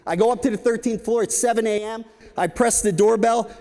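A man in his fifties giving a conference talk, telling lively anecdotes with frequent "right?" asides. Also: sits high, a little fast. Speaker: keynote speaker. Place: large conference hall stage. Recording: reverberant conference hall.

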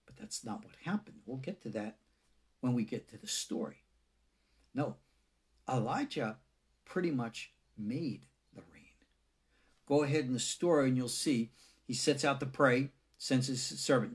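Teaching a lesson, a rabbi lectures loosely and conversationally, posing rhetorical questions to his listeners. He is very animated and slow, pausing often, with a slightly rough voice whose pitch swings widely as he acts out quoted lines and occasionally drops to a near-whisper.

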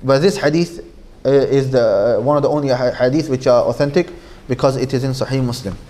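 A man's voice: medium pitch, a little fast, dark tone. Manchester man teaching a class. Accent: Manchester English. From Manchester, England. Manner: conversational, repeats points, checks in with the class. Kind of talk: informal classroom lesson.

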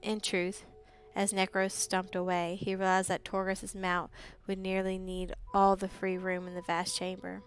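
A woman reading a fantasy novel aloud as narrator, steady and even, with occasional slips. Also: medium pitch, measured pace, faint music behind, rough recording. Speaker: audiobook reader. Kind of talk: live book reading narration.

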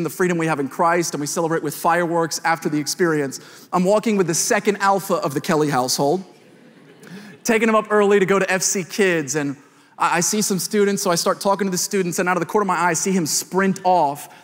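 A man in his thirties, a pastor, telling a humorous family story in a sermon, with lively quoted voices. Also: fairly high pitch. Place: large church hall. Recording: long hall reverb.

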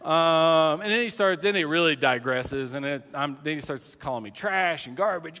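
A middle-aged man from the American South, a pastor telling a personal story in a sermon and acting out quoted shouting. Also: a little high, animated, normal speed. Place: church sanctuary. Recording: church hall reverb.

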